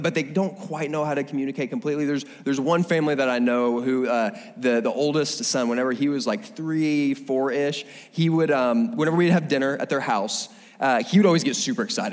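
A man preaching a sermon in a casual, animated storytelling way, often restarting his phrases. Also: medium pitch. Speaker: pastor. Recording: long hall reverb.

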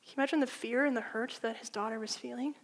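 A woman preaching a sermon in a casual, animated storytelling way, full of "like", swinging between loud and hushed. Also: a little high, quick pace. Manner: informal, with frequent "like".

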